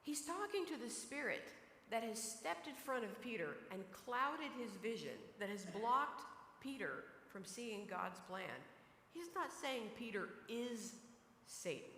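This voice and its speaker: A woman pastor preaching a sermon from the pulpit, telling a Bible story in an animated way and quoting scripture. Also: fairly high pitch, unhurried, slight background noise. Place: church sanctuary, at the pulpit. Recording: echoey church hall, faint ambience.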